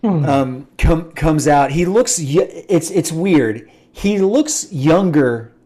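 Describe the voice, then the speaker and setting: A man's voice: on the high side, animated, takes it slowly, mellow. A man narrating as game master of a tabletop game, with many hesitations and fillers.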